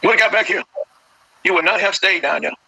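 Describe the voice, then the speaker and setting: Impassioned man, bright gravelly voice. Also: high voice, a little fast, rough recording. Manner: impassioned, repeats phrases. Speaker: grieving father interviewed. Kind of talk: emotional phone interview.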